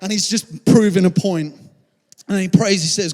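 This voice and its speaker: A young man preaching a sermon to a church, telling a story with animated quoted voices. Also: sits high, moderate pace. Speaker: pastor. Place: large church hall. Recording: long church hall reverb.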